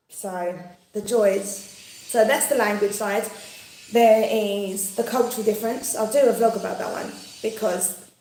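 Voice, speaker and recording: A woman's voice: mid-range voice, reverberant, a little hiss or hum. A woman in her thirties chatting casually and acting out quotes as she tells stories. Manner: animated storyteller acting out quotes. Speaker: host. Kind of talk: casual chat.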